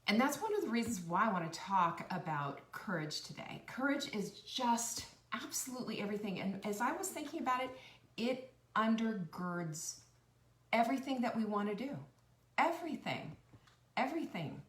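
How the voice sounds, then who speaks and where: A middle-aged woman, a nutritionist, talks to her live stream audience with chatty, heartfelt enthusiasm, often rambling and restarting. Her mid-range, slightly bright voice has lively intonation at a normal speed, and she sits away from the mic, so the sound is roomy.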